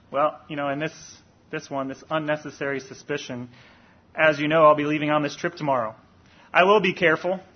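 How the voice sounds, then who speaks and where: A man preaching a sermon in an earnest, deliberate way, rising for emphasis on key points. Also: a little high, breathy edge, muffled recording.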